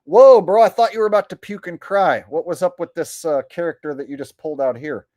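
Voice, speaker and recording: A man's voice: a little high, fairly quick, darkish tone, dry recording. Profane, incredulous male vlog host. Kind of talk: commentary vlog.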